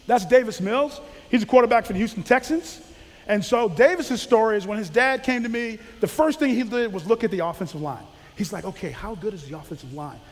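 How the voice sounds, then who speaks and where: A former football coach telling animated stories about players he coached, acting out quotes and laughing often. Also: high voice, long reverb tail. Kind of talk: casual storytelling.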